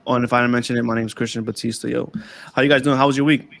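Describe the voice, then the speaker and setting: A man's voice: mid-range voice, flat delivery, rapid-fire, creaky, a bit bright, dry recording. A young man hosting a podcast, chatting casually with slangy, laid-back banter. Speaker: podcast host. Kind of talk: casual chat.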